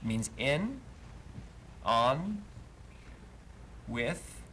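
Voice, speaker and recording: A man's voice: medium pitch, sing-song, extremely slow, bright, forceful tone, a little hiss or hum. A man teaching a live class, patient and explaining step by step with many fillers. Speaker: Hebrew teacher. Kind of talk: live Bible language class. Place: congregation classroom.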